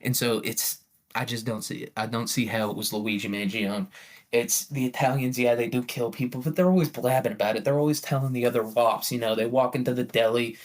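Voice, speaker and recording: A man's voice: mid-range voice, steady tone, a little fast. A man giving a casual comedic rant, crude and rambling, full of filler words and swearing. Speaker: comedy podcast host.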